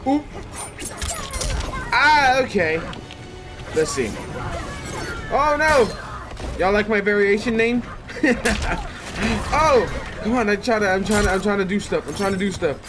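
A man giving casual, excitable commentary on his own gameplay, swearing, laughing and yelping at the action. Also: high-pitched, a little slow, pauses often. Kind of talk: casual let's-play commentary. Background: game music and sound effects.

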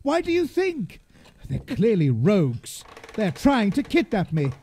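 A woman's voice: mid-range voice, huge pitch swings, measured pace, dark tone, husky, full character voice. An actress playing a frightened young woman locked in a room, pleading urgently.

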